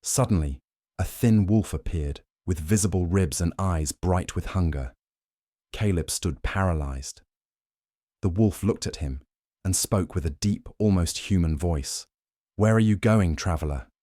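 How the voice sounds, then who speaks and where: A man narrating a scripted moral fable in a measured, dramatic way. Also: low voice, warm tone, no room sound, clean studio sound.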